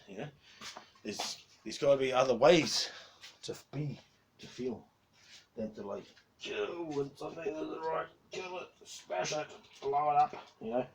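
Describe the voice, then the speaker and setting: Rambling, swearing man in his forties. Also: mid-range voice. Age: 40s. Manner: rambling, heavy swearing, frequent laughs. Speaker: YouTuber. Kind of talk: casual vlog rant. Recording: distant mic with faint background noise.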